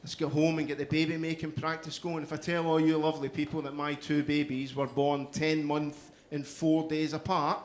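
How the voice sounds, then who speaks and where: Brief: middle-aged Glaswegian comic, high voice, punchy crowd work, faint room hum. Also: male voice, level tone, normal speed. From Scotland. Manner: loud, punchy crowd work with frequent "you know what I mean". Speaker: stand-up comedian. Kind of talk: stand-up comedy set. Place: comedy club stage.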